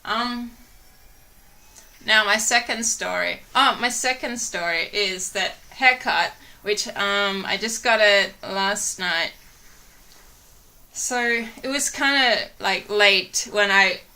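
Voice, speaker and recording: Vlogger type: bright, sharp-toned woman, chatty and giggly, rambles with lots of "like". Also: mid-range voice, slow. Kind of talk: casual storytelling.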